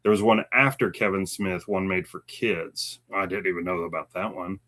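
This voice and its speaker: A man co-hosting a live stream in casual chat, chatty and animated, laughing often and reading viewer comments aloud. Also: low-pitched, moderate pace.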